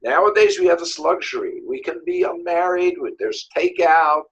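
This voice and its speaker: A man with a New York accent, a divorce lawyer being interviewed, telling stories in a lively way and acting out voices, often repeating words as he searches. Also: a little high, normal speed, muffled recording. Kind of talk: animated storytelling interview.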